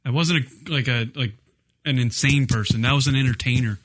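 A man's voice: mid-range voice, a little fast, a bit bright. A man co-hosting an internet radio show in casual banter, swearing freely and asking incredulous questions. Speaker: co-host.

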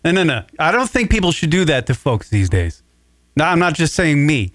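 A man's voice: fairly high pitch, brisk, no room sound. A man hosting a radio talk show, rambling and swearing as he retells a story in casual comedic chat. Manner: profane, rambling, animated retelling.

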